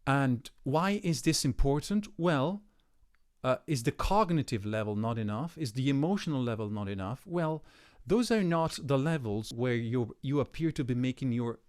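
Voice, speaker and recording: A man speaking as a voice coach in a thoughtful, emphatic talk to camera. His pitch rises and falls in a lively way, and he shifts between slow, weighty phrases and quicker stretches. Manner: reflective, emphatic, with varied pace and pauses.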